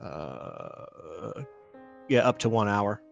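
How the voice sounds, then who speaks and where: A man's voice: lowish voice, huge pitch swings, very slow, creaky, muffled recording, faint music behind. Matter-of-fact man at a game table. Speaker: player. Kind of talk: casual tabletop game chat.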